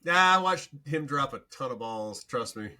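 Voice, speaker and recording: A man's voice: medium pitch, animated, normal speed, bright, forceful tone, a little hiss or hum. A man co-hosting a casual fantasy football chat, blunt and dismissive in his opinions. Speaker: podcast co-host. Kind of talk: casual live draft chat.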